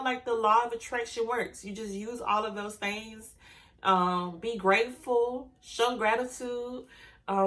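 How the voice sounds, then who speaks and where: Emphatic, bright-voiced woman vlogger. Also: fairly high pitch. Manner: emphatic, repeats affirmations slowly; preachy and direct, ends points with "okay?". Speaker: vlogger teaching a hair business. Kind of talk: motivational talk to camera.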